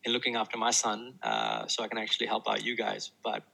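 A New man, a maths teacher, talking through his stories in an easygoing interview. His voice is gravelly with a bright, forward edge. He often stops and restarts his sentences as he goes. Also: on the low side, quick pace, rough recording. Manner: animated anecdotes with many restarts. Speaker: maths teacher and tutoring YouTuber. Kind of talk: casual storytelling interview.

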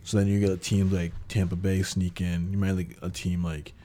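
A man's voice: deep voice, level tone, moderate pace, dark tone. A man co-hosting a casual sports podcast, laid-back and analytical, thinking his points through aloud.

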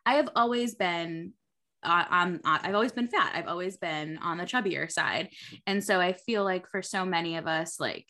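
A woman's voice: on the low side, moderate pace. A woman co-hosting a casual podcast, talking with constant "like" fillers. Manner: filler-heavy "like", animated. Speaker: podcast co-host.

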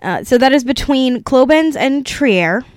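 A woman's voice: high-pitched, expressive, a little slow, no echo. A woman co-hosting a casual podcast, reading a ghost story from her notes and chatting along with her co-host. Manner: reads notes, chats and laughs along.

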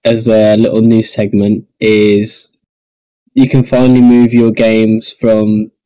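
A man's voice: fairly low pitch, flat delivery, slow pace, warm tone, no echo, rough recording. A man co-hosting a podcast, chatting casually and easygoing, trailing off with "um.". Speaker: podcast co-host. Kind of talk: casual chat.

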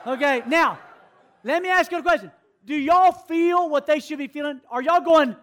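High-voiced preacher telling stories. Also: male voice, animated, normal speed, fairly bright tone. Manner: storytelling, acts out characters, calls for responses. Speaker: youth pastor. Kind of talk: sermon.

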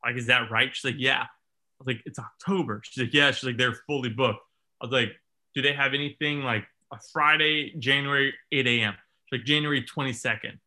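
Bright-voiced man telling a funny story. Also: medium pitch, a little fast. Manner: animated, self-mocking storyteller acting out quotes. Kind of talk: casual storytelling chat.

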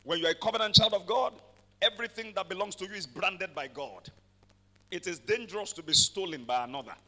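A man preaching a sermon, swinging from quiet passages to shouted declarations and calling for amens. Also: high voice, a little fast, long reverb tail. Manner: calls for amens from the congregation. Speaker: pastor.

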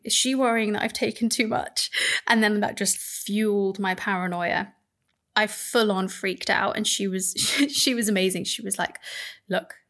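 A woman's voice: mid-range voice, a bit bright. Woman podcast host, candid and chatty, recounting her own experience. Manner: candid, chatty, laughs as she speaks. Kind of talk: personal storytelling.

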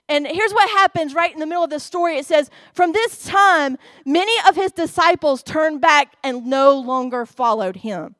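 A woman's voice: high voice, dry recording, clean studio sound. A woman, preaching a sermon in a church, reading scripture aloud and speaking expressively to the congregation.

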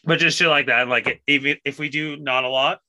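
Laid-back man in his thirties, bright voice. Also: mid-range voice, fairly even intonation, brisk, no room sound. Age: 30s. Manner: laid-back, laughs often, swears casually. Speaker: podcast co-host. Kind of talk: casual podcast chat.

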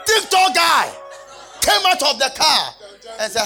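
A man's voice: very high voice, very animated, extremely slow, pauses often, music in the background, a crowd in the background. A man preaching, telling a story in a dramatic, exclaiming manner. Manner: laughing, exclaiming, dramatic retelling. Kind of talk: animated sermon storytelling.

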